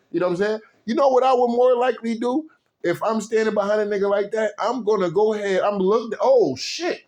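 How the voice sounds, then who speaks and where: A man ranting on camera in a profane, animated way, with constant slang fillers, indignant outbursts and low muttered asides. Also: fast talker. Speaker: video commentator. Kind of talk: unscripted rant to camera.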